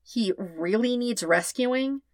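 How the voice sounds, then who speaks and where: Lady doing a spiky teen girl, snappy and demanding, goes up high, dry close audiobook sound. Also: slow pace, no echo. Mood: sharp. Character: sharp-tongued fierce teenage girl, grieving and spiteful.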